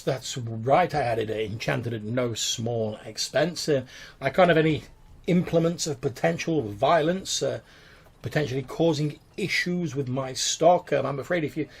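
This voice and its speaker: A man's voice: creaky, husky. A man voicing a fawning, pompous male master tailor who talks in a flowery, obsequious way. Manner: obsequious, flowery and high-pitched.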